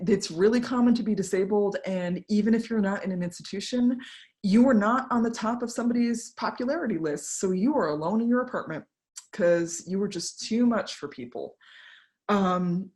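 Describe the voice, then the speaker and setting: A woman's voice: medium pitch, moderate pace. Candid, conversational woman giving a talk. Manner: candid and conversational, with many fillers and asides; animated, voicing the people she quotes. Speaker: invited speaker. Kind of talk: talk delivered to an online audience. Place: home.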